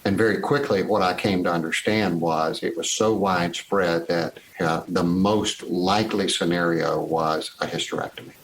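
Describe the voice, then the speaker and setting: Man, 60s, interview guest, animated storyteller, fairly low voice. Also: normal speed, hardly any pauses, a little hiss or hum, poor audio. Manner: animated storyteller who acts out past conversations.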